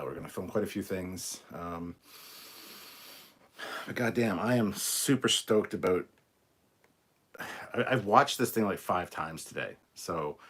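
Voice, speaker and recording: A British man hosting a casual livestream reaction, excited and rambling, with frequent ums and laughs. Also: sits low, breathy edge. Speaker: livestream host.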